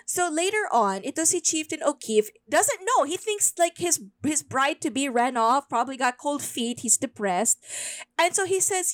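A woman's voice: high voice, expressive, normal speed, no room sound. A woman hosting a podcast, telling a folklore story in casual chat and switching into Tagalog mid-sentence. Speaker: podcast host.

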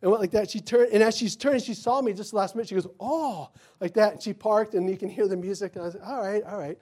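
A man's voice: sits high, fairly even intonation, very fast, mellow, breathy edge. A middle-aged male pastor telling folksy personal stories in a sermon, acting out the voices of the people in them. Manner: folksy storytelling, acts out quotes.

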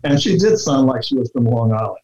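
A man talking through his research in a relaxed interview, deliberate and full of fillers and restarts. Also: medium pitch. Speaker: researcher guest. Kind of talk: conversational interview talk. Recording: dull lo-fi sound.

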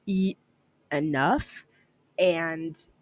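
This young adult woman hosts her own podcast, speaking in a low voice at a very slow pace. Her solo talk is casual, chatty and upbeat, sprinkled with frequent "like" fillers.

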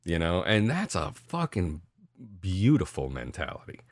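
A middle-aged man co-hosting a podcast, telling stories in a casual, profane, animated way. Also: sits low, a little slow, no echo, clean studio sound. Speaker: podcast co-host. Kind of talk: casual chat.

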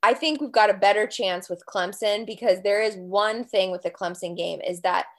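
A woman's voice: mid-range voice, normal speed. A woman guest on a podcast, chatting casually and bluntly about her college football team. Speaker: guest fan.

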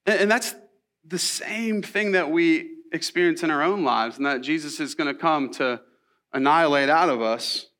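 A man's voice: a little high, normal speed, fairly bright tone. A young man preaching a sermon in a casual, storytelling way, with asides and rhetorical questions. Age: young adult. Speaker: pastor.

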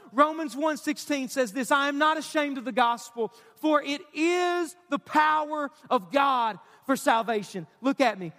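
Man, pastor, emphatic sermon, high-pitched, reverberant hall. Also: a bit bright. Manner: urgent, emphatic preaching to a congregation. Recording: live hall with long reverb.

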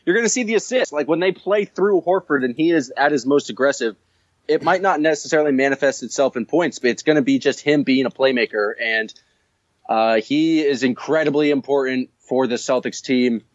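A man's voice: mid-range voice, a little fast. A man co-hosting a casual sports podcast, talking with enthusiasm and rambling through fillers. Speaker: podcast co-host. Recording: dull, dry lo-fi sound.

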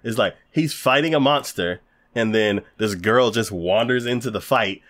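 A man's voice: fairly low pitch, moderate pace, fairly bright tone. A man in casual chat reviewing an anime, rambling and hesitant with lots of fillers. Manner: rambling, hesitant, many fillers, laughs often.

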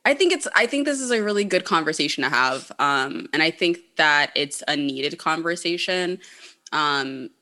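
Woman, low-ish bright voice, very lively intonation; animated, filler-heavy casual storyteller. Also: moderate pace. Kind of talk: casual chat.

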